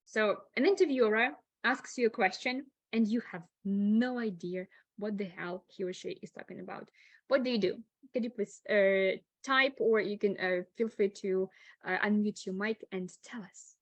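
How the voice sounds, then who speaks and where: A woman's voice: medium pitch, moderate pace, fairly bright tone, no room sound. A woman English teacher giving a chatty online webinar lecture, often laughing and saying "like".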